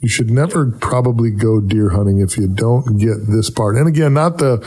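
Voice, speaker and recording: A man chatting casually and reminiscing in a relaxed, rambling way, laughing easily. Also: mid-range voice, normal speed, slightly rough. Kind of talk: casual chat.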